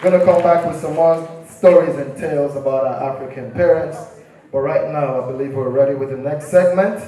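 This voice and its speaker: A man's voice: fairly high pitch, a little fast, dark tone. Young Nigerian man doing stand-up. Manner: storytelling with punchlines, playful. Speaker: emcee and stand-up host. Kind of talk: stand-up comedy at a live show. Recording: very echoey hall from far off.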